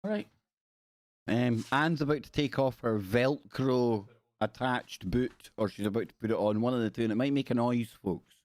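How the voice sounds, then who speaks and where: A man's voice: mid-range voice, normal speed, a little mellow, no room sound. A man hosting a casual livestream, reading articles aloud and breaking off into playful jokey asides. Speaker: livestream host.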